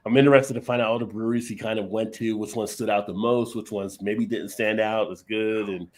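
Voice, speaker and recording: A man's voice: fairly low pitch, fairly even intonation, a little fast. A man in casual chat on a live stream, telling rambling beer-trip stories and laughing often. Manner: rambling anecdotes with frequent laughter.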